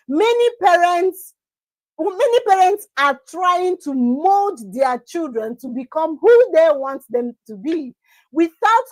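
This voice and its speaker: A woman with a notably high voice gives an emphatic, sermon-like talk to parents and teachers. She drives her points home by repeating phrases. The sound is dry and close, with no room echo. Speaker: conference speaker on parenting. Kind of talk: preaching-style motivational talk.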